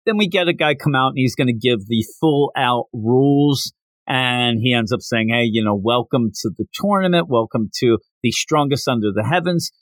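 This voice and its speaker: A man hosting a podcast, casually recapping a manga chapter and acting out the characters' lines in quick voices. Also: medium pitch, no room sound. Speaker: podcast host.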